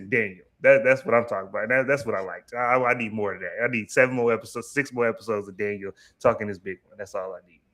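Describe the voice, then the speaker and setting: A man co-hosting a casual TV recap, animated and slangy, often stammering and restarting. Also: medium pitch. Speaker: podcast co-host.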